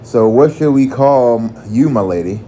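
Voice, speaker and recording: A lofty fantasy game master intoning grand words, as a narrator puts him on in a told story. The delivery is theatrical and archaic, jumping up in pitch for big declarations. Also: male voice, animated, moderate pace, warm tone, a little hiss or hum, close to an everyday voice.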